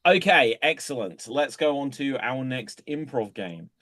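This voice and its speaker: Brisk man hosting improv, dry sound. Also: medium pitch, lively intonation, a bit bright, dry recording. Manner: brisk, calls on players by name. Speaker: improv host. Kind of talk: hosting an improv game on a video call. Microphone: video call.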